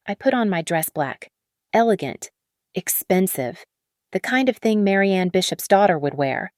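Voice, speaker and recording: A woman narrating a first-person story in a steady, measured way. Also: on the low side, no room sound, studio quality.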